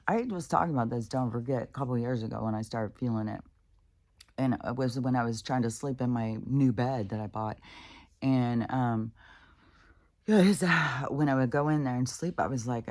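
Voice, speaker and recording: A woman's voice: extremely low pitch, a little mellow. A woman talking in a casual, rambling monologue, swearing freely and restarting her sentences. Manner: profane, rambling, with frequent restarts and laughs. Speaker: vlogger. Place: at home with her dogs.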